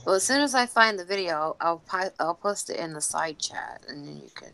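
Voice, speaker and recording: A woman's voice: on the low side, expressive, fairly quick, gravelly, sharp tone. A woman in casual chat who rambles and talks to herself while looking for something on her phone.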